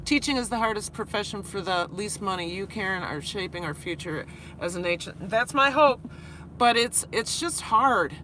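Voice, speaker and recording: A tired woman who teaches high school talks through a rough day in a live vlog, halting and restarting as she reads comments. Her voice is bright and clear. Faint traffic noise sits behind her in the car. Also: lively intonation. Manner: emotional, earnest, halting with restarts. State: worn out after crying. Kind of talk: live-stream vlog, reading chat.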